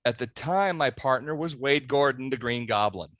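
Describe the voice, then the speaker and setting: Guy telling a lively backstage story on a podcast, plays out the voices, dry sound, nothing echoey. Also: medium pitch, moderate pace. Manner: animated, acts out voices in his stories. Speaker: podcast guest, haunt scare actor. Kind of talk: casual storytelling.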